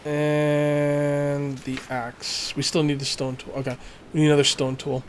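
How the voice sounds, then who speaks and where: A man's voice: mid-range voice, level tone, fast, slight background noise. A man casually commenting while playing a survival game, thinking aloud and making jokey asides. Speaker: let's play gamer.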